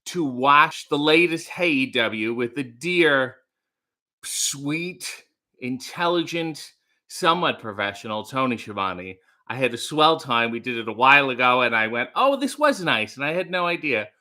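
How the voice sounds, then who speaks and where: A young man hosts a loose, chatty livestream, joking and drifting off topic with dry sarcastic asides. His voice is bright and a little high for a man. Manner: playful, rambling, sarcastic asides. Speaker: livestream host. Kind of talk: casual livestream chat, reading chat messages.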